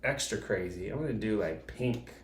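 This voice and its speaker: A man's voice: lowish voice, moderate pace. Dad-ish art teacher guy talking little kids thru it step by step, lots of uh's, roomy echo, bit of hiss. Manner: patient step-by-step explaining with fillers. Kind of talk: video art lesson for young children.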